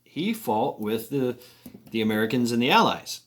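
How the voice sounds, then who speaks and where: A man of ordinary pitch spins a long yarn in a loose, conversational way. He stumbles and restarts his sentences often, drops casual profanity and chuckles along the way. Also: very animated, normal speed. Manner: rambling, many restarts, swearing, chuckles. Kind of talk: casual spoken storytelling.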